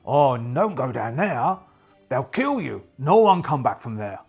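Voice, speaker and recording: A wary male merchant, as a man puts him on, louder than the narration, speaking in short, broken phrases with a put-on drawl. The voice sits a little high for a man. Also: big pitch swings, takes it slowly, soft background music, exaggerated voice. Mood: warning. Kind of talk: solo tabletop role-play.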